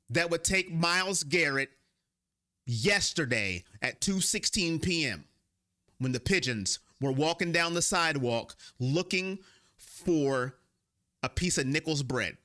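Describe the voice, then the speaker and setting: A man hosting a casual sports fan livestream, greeting chat by name and riffing emphatically. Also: a little high. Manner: animated, reads chat names, paraphrases a player in an emphatic voice.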